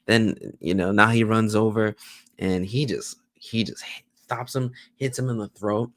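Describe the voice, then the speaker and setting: Very deep-voiced man recapping a show. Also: fairly even intonation, a little slow, a bit bright, no echo. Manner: retells scenes in detail, with restarts and slang. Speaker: podcast co-host reviewing a TV episode. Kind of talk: casual chat.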